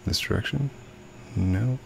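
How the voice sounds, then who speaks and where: A man's voice: fairly low pitch, a little slow, gravelly, darkish tone, slight background noise. A young man giving playful live commentary while playing a game, talking to the other players and his own character. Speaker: gaming video host.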